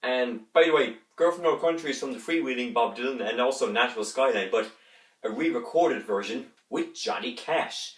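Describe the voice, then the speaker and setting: A man's voice: medium pitch, normal speed. A man giving a rambling, enthusiastic music review during an unboxing, humming instrument parts along the way. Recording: roomy echo, distant from the mic.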